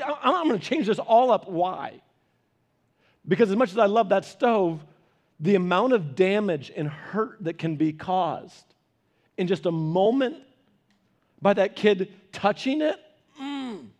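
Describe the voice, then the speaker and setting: A middle-aged male pastor preaching in a relaxed, conversational way. His voice sits high for a man and swings widely in pitch. He tells stories and acts out the people in them. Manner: animated storyteller who acts out quoted voices. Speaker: pastor teaching a Bible study. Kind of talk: conversational sermon.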